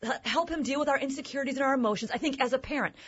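A woman guest on a faith talk show, telling personal stories in an animated way. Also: high voice, very fast, lo-fi sound.

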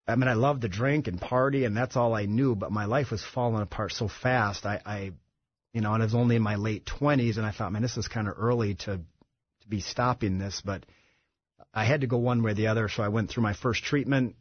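A man as a radio studio guest, telling his recovery story in a halting way with many restarts. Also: on the low side, husky, no room sound, lo-fi sound. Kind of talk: personal recovery testimony.

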